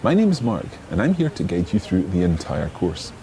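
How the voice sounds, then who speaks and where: A man hosting a language course, teaching deliberately and slowing down to model words. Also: deep voice, sing-song, dark tone. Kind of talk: scripted language lesson. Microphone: close studio mic.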